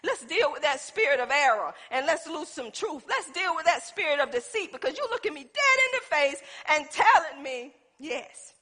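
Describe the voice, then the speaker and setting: A woman's voice: high voice, normal speed, hardly any pauses. A woman preaching a sermon, telling stories and calling out to the congregation. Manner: animated storytelling, addresses congregation as y'all.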